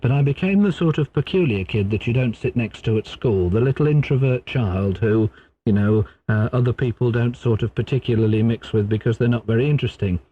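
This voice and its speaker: An English man, a clairvoyant guest, explaining his ideas in a measured way on a radio phone-in. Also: medium pitch, husky. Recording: dull lo-fi radio broadcast.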